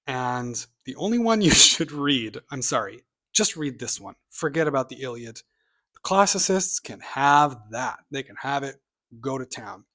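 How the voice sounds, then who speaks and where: A man's voice: mid-range voice, pushed and bright. A man vlogging casually about the books on his shelf, opinionated and rambling, with offhand asides and the odd muttered remark. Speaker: booktube vlogger.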